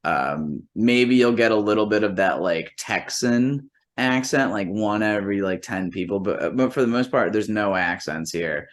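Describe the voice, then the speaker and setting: A man's voice: lowish voice, normal speed, hardly any pauses. A man from New England hosting a casual interview, joking and swearing, often slipping into mocking voices. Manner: animated, profane, jokey, slips into mocking voices. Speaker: podcast host.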